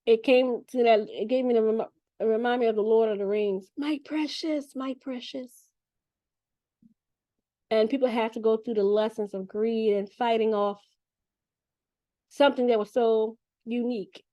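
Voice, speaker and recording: A woman giving a casual spiritual reading in an animated, chatty and profane way. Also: on the high side, moderate pace, no echo, dull audio. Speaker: spiritual reader.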